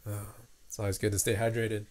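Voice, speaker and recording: A man's voice: on the low side, little pitch movement, brisk, a little mellow, a little hiss or hum. A man hosting a casual livestream, reading viewer comments and thinking aloud with lots of fillers. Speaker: livestream host, app developer.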